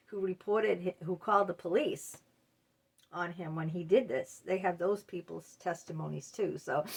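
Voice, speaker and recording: A middle-aged woman speaks into her camera in a candid, confiding monologue. Her voice sits at an ordinary middle pitch. She often stalls on fillers and restarts as she works through what she wants to say. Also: a bit bright. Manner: candid and confessional, halting with frequent fillers. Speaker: channel host. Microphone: talking to camera.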